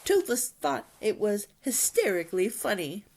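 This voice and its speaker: A woman presenting a book talk, retelling the story in an expressive, dramatic read-aloud manner with sudden whispers. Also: mid-range voice, moderate pace.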